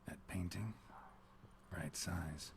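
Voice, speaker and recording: An actor playing a gruff, terse male monster hunter in a video game, muttering clipped observations to himself in a deep gravelly murmur. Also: slow, heavily acted. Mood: musing. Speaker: game character. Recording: game audio with background noise.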